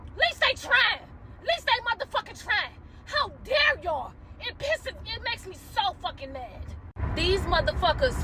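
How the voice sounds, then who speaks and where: A woman's voice: very high voice, noisy background. A woman giving an emotional, profane rant to camera from a car, heated and close to tears. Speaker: commentator reacting to a viral video.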